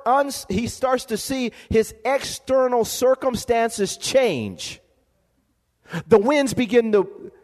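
A man's voice: extremely high pitch, darkish tone. A man preaching a sermon as pastor, calling for amens and repeating his words as he builds a point. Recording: long hall reverb.

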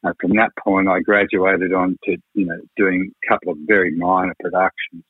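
Low-voiced, husky man, a rambling raconteur on a tinny phone-like line. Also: flat delivery, moderate pace, dry recording. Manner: rambling, frank, peppered with "you know" and swearing. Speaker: record producer. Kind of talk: radio interview storytelling.

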